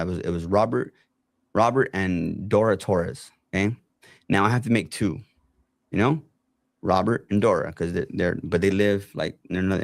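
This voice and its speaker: A man's voice: sits low, creaky, no room sound, clean studio sound. A man casually telling a long personal story, acting out what other people said along the way. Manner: animated retelling, acts out other people's lines. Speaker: guest telling his story.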